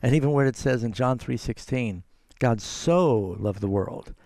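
A man's voice: medium pitch, measured pace, darkish tone, no echo, studio quality. A man hosting a call-in radio show as a pastor, earnestly explaining and quoting scripture. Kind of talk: call-in radio Bible answers.

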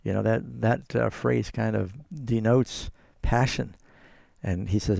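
A man's voice: fairly low pitch, a little slow, vocal fry, a little mellow, dry recording, clean studio sound. A man hosting a call-in Bible answer show as the pastor, earnestly explaining scripture at length to callers. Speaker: radio pastor and host.

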